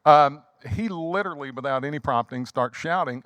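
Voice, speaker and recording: A man's voice: a little high, normal speed, clear, resonant tone, no room sound. A man in his thirties from Louisiana with a Southern accent, telling a story as a guest in a casual chat. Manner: animated storyteller who acts out quotes. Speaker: guest, funeral home owner.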